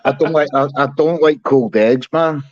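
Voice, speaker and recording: A man's voice: a little high, moderate pace. A man in his forties in a casual banter chat, talking hesitantly with stammering restarts. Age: 40s. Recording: dry, dull lo-fi audio.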